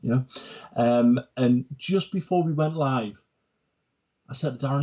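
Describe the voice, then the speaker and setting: A man's voice: medium pitch, unhurried, warm tone, muffled recording. A man co-hosting a casual business chat, talkative, tagging his sentences with "right?" and "yeah?". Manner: chatty, repeats "right?" and "yeah?". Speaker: company director, co-host.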